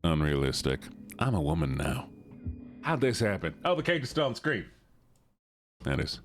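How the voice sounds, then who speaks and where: Guy streaming a game, low voice bouncing all over, goofing with chat. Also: big pitch swings, measured pace, long pauses, slight background noise. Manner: goofy, talks to chat, reads game text aloud. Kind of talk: casual livestream commentary.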